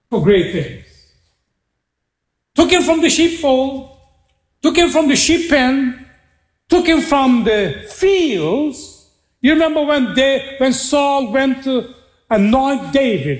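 Man, preacher, very high voice, slow deliberate delivery, sermon, roomy church echo. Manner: animated storytelling, voicing biblical figures in dialogue.

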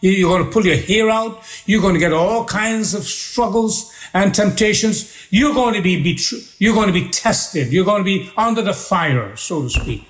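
A man's voice: high-pitched, animated, normal speed, hardly any pauses. A pastor preaching a sermon, building his points through repeated rhythmic phrases.

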